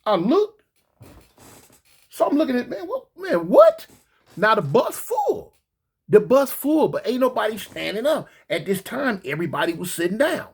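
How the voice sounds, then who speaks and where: A storyteller talking casually and slangily, animated, often repeating words and acting out voices. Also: medium pitch, moderate pace, slightly rough. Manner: acts out voices in quotes.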